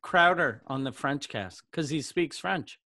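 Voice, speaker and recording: A man's voice: a little high, lively intonation, measured pace, sharp tone, dry recording, clean studio sound. A man hosting a casual podcast chat, telling rambling stories with lots of swearing. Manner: profane, rambling storyteller. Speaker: comedian podcast host.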